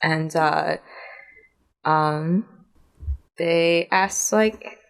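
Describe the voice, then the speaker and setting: A woman's voice: medium pitch, expressive, slow, pauses often, low-quality recording. A woman playing in a tabletop role-playing game, describing her character's actions with many fillers and laughs. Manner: rambling, giggly, many fillers. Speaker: player.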